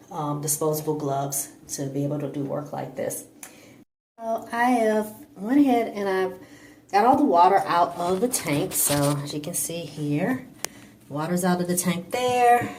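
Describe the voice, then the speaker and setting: Chatty woman with a lowish voice filming a DIY repair. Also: a little mellow, a little hiss or hum. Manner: chatty, rambling with fillers and restarts. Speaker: DIY home improvement vlogger. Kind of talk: casual how-to narration. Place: small home bathroom.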